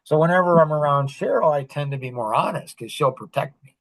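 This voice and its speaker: Animated storytelling man, bright voice. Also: on the high side, brisk, no room sound. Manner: animated, acts out quoted dialogue. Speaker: podcast host. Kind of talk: casual storytelling chat.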